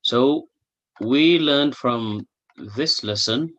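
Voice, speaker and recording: Talking extremely slowly in a medium-pitched, fairly bright voice, a man teaches Arabic in a recorded lesson. He explains things patiently, says every example twice and asks "hmm?" to make sure listeners follow.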